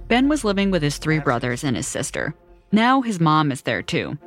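A woman reporter narrating a documentary story in a measured, wry storytelling voice. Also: low-pitched, wildly swooping pitch, faint music behind.

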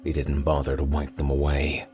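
A man reading a first-person horror story in a steady, measured way. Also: very deep voice. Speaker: audiobook narrator.

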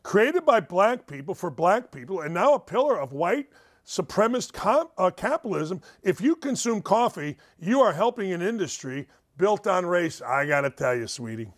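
Sarcastic high-voiced male talk host. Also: big pitch swings, moderate pace. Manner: sarcastic, incredulous, swings from loud outbursts to muttered asides. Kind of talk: mocking commentary on news articles.

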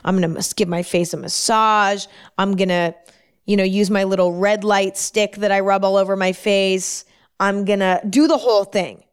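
A woman hosting her own show, talking alone in a chatty, rambling way with quick self-deprecating asides. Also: medium pitch, steady tone, clear, resonant tone. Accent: put-on New York twang at times. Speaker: podcast host. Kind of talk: casual solo chat.

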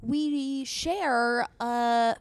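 A woman's voice: fairly high pitch, drawn-out words, clear, resonant tone, no echo, studio quality. A young woman co-hosting a podcast in casual chat, telling stories with lots of laughs and casual swearing. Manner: animated storyteller, laughs often, swears casually. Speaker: podcast co-host.

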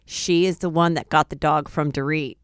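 A woman comedian chatting as a podcast guest. She talks in loose, rambling sentences with a low, smooth, clear voice. The recording is close and dry. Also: fairly even intonation, moderate pace, no echo. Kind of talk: casual chat.

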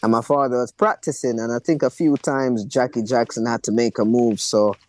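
A man's voice: mid-range voice, brisk, no room sound, poor audio. Young guy in an interview, telling a story and doing everyone's lines, dry close sound. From Jamaica. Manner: animated storyteller acting out quotes. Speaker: actor and bass player.

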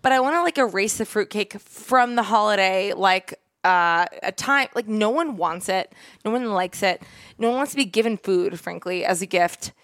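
A woman co-hosting a podcast in casual chat, blunt and quick to swear. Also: medium pitch, a bit bright, dry recording, studio quality. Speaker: podcast co-host.

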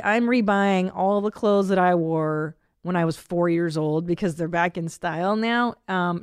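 Low gravelly lady in her 40s, chatty podcast host poking fun at herself, dry close sound. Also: a little mellow, dry recording. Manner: chatty, self-mocking, laughs often. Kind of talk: casual comedic monologue.

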